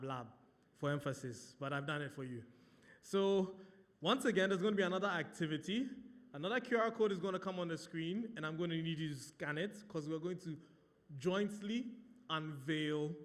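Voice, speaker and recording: A Ghanaian man works the room as MC at a launch event, playful and full of questions for the crowd. His voice sits fairly high. It rings out with the long reverb of a large hall. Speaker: master of ceremonies. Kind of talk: live event hosting.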